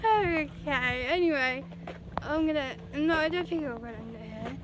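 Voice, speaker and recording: A woman's voice: high voice, lively intonation, normal speed, heavy background noise. A young woman, chatting casually to her phone camera on a walk as a vlogger. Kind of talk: casual vlog chat. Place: outdoors on a walk.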